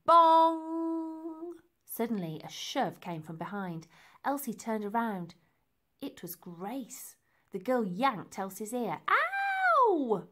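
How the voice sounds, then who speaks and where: A woman reading a children's book aloud, expressive and unhurried. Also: medium pitch. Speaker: reader. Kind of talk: storybook read-aloud.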